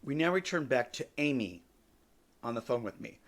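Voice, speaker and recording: Male podcast host, forties, candid wry storyteller, middle pitch, casual swearing. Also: lively intonation, normal speed.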